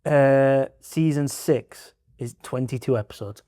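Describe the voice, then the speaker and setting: Animated, swearing young-sounding man. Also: mid-range voice, takes it slowly, dry recording, studio quality. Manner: animated, swears a lot, laughs often. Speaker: podcast co-host. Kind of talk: casual chat.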